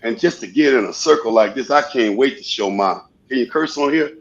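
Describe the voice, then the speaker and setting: A man's voice: mid-range voice, fairly quick, muffled recording. A man in his forties, a guest on a live panel, talking fervently and rambling, repeating his phrases as he goes. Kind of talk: casual panel chat.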